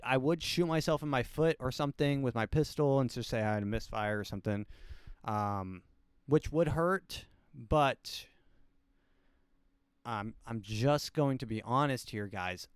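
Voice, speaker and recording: A man in his twenties, a podcast host, talking in a rambling, hesitant way with deadpan jokes. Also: mid-range voice, unhurried, clean tone, no room sound, clean studio sound. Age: 20s. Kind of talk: casual solo commentary.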